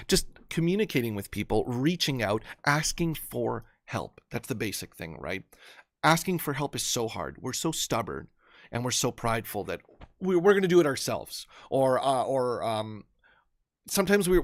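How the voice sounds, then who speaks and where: A man's voice: medium pitch, big pitch swings, normal speed, no room sound, clean studio sound. A man hosting a live stream, giving an earnest motivational talk full of stories and restarts. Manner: earnest, storytelling, many restarts. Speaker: host.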